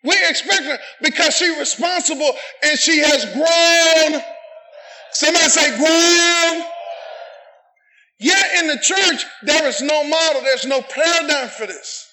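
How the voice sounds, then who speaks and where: Man, middle-aged, shouting sermon, call-and-response, very bright tense voice. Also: very high voice, moderate pace, a faint crowd. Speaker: pastor. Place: church sanctuary. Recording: echoey church room.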